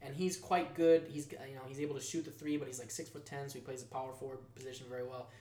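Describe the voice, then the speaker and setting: Guy hosting a homemade news show, goofy and loud then quiet, echoey room. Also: medium pitch, fast, slight background noise. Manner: animated, jokey, swings between loud and quiet. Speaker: show host. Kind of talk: casual news-show banter.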